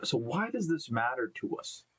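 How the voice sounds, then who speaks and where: A man's voice: mid-range voice, big pitch swings, normal speed, bright, forceful tone, breathy edge, rough recording. A man hosting a casual live stream, reading news stories aloud, tripping over names and breaking off to think aloud. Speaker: host. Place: indoor room with live beehives.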